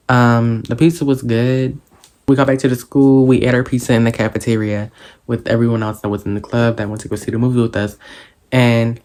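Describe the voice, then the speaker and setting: A young man spills a storytime about school friendship drama straight to camera. His voice sits at an ordinary middle pitch. He tells it in a sassy, dramatic way, throwing in quick asides. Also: a little mellow. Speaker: vlogger. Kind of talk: casual storytime.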